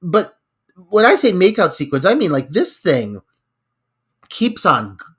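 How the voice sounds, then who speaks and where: A man's voice: sits high, big pitch swings, unhurried, fairly bright tone, slightly rough. A man co-hosting a podcast, ranting in exasperation about a film scene, swearing and laughing. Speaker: podcast co-host. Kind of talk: casual film review chat.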